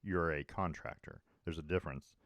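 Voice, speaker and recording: A deep-voiced man talks sports with a co-host in a loose, rambling way, often restarting his sentences. The sound is close and dry, with no room echo. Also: normal speed, fairly bright tone. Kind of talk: casual sports talk.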